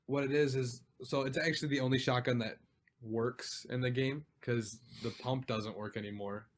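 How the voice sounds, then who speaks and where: A man's voice: mid-range voice, steady tone, moderate pace. A young man hosting a casual podcast, rambling and joking as he complains about video games. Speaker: podcast host. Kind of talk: casual chat.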